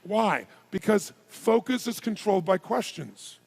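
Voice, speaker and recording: A man giving a live seminar address as a motivational speaker, firing rapid questions and commands at the audience. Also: sits high, expressive. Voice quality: gravelly, husky voice.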